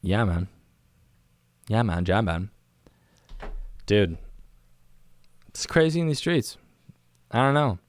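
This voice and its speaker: With a lowish voice, this man is very animated yet slow, pausing often. He hosts a casual solo podcast in a small studio, rambling easily and saying "dude" and "man" all the time, with a studio microphone on camera.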